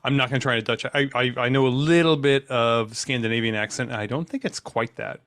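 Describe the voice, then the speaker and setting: A man's voice: mid-range voice, steady tone, fairly quick, a bit bright, no room sound, studio quality. A man co-hosting a comedy podcast, chatting casually, riffing on jokes and adding frequent agreeing murmurs. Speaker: podcast co-host.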